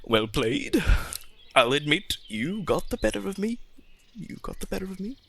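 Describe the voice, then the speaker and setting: A man's voice: high-pitched, very animated, moderate pace, gravelly, a bit bright, slight background noise, voice pushed up, full character voice. A man voicing a greedy, pompous nobleman with a haughty, drawling manner. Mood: conceding.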